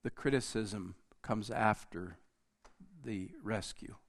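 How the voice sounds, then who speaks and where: A man preaching a sermon, slow and deliberate, rising in force and then dropping almost to a hush. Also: lowish voice, vocal fry. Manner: slow, deliberate preaching that rises and drops to near-quiet.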